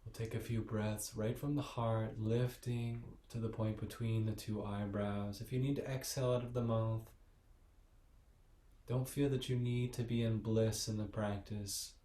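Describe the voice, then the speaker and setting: Man, yoga teacher, mellow voice, even flat delivery, slow soothing guidance, echoey room. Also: lowish voice, slight background noise. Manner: slow, soothing, gently encouraging. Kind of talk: guided meditation and yoga instruction.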